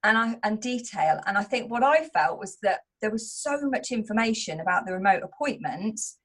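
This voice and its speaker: A woman's voice: mid-range voice, animated, normal speed, fairly bright tone. A middle-aged woman who runs a home business and leads a team, speaking openly and earnestly in a candid motivational talk. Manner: open and earnest, speaking in a confessional tone.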